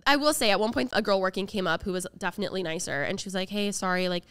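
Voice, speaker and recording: A woman's voice: mid-range voice, very fast, clear, resonant tone, no echo. A young woman co-hosting a podcast, telling a story in casual chat and acting out what people said. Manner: animated storytelling, acts out quotes. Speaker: podcast co-host.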